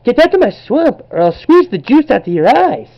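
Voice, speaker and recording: A man doing an impression of a big, grumpy, territorial male ogre, loud and strained far above his own pitch. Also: sing-song, normal speed, muffled recording, exaggerated voice. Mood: threatening.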